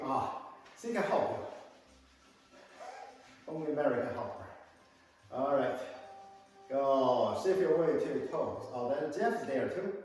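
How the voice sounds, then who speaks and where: A man with a high voice leads a qigong class over a video call, speaking slowly and counting out each rep. He sounds far from the mic in a very echoey hall with long reverb, with faint music behind him. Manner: counts out reps and gives short commands, teasing students. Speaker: qigong instructor. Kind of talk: online exercise class instruction.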